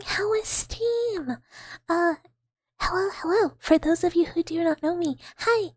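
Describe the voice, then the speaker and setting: High, slow-spoken woman hosting a live ASMR stream; playful, giggly, dipping into whispers. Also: no echo. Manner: giggly and playful, slipping between soft speech and whispers.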